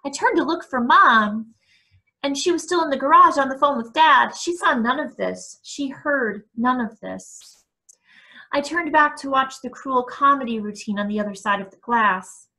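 A woman reads a novel aloud in an expressive storytelling voice. Her tone is bright and a little high. She now and then restarts a word mid-sentence. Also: a little slow. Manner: expressive, occasional small restarts. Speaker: book reader.

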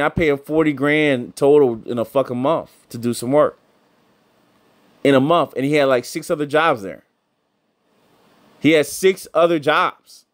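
A middle-aged man giving blunt, heated, profane commentary, often repeating himself. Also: medium pitch. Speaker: commentator reacting to clips.

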